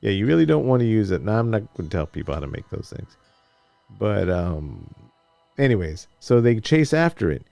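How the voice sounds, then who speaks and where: Mellow low-voiced man in casual chat. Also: big pitch swings, normal speed, gravelly, no echo, soft background music. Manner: rambling, jokey storyteller who acts out scenes. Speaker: podcast co-host recapping a TV episode.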